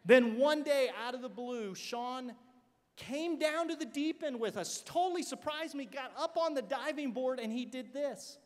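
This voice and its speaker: A man with a high voice delivers a keynote to a student conference. He is an animated, joking storyteller who swings between loud bursts and quiet asides. His voice carries a long reverb from a big hall. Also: normal speed. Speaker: motivational speaker.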